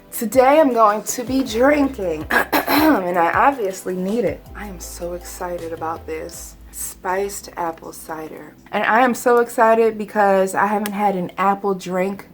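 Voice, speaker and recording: Bubbly middle-aged lady chatting at home, pops up high when excited, faint music underneath. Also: measured pace. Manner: bubbly and animated, jumps into high excited exclamations. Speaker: cake decorator and channel host. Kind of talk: casual storytime vlog.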